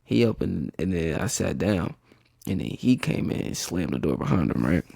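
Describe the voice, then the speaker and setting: A young man tells a story from his childhood in a loose, slangy podcast chat. His voice is gravelly and a bit husky, with a lively, swinging pitch. The sound is dry and close. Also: moderate pace, no room sound. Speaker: podcast host. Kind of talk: casual storytime.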